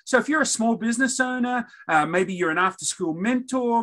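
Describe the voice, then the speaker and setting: A man's voice: extremely high pitch, expressive, a little fast, bright, forceful tone. A man with an Australian accent hosting an interview show, joking and rambling off on tangents before asking his question. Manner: jokey, rambling, self-interrupting. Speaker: podcast host. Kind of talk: casual interview intro.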